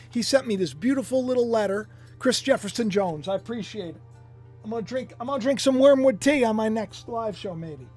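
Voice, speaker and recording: A man's voice: high voice, husky. A man hosting his own online commentary show, rambling in a casual, jokey way and often repeating himself. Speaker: YouTube commentary host.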